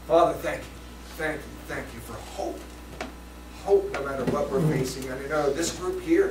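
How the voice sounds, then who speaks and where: A man preaching a sermon as pastor, swinging between loud passages and hushed ones. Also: medium pitch, steady tone, normal speed, slight background noise. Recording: echoey room from a distance.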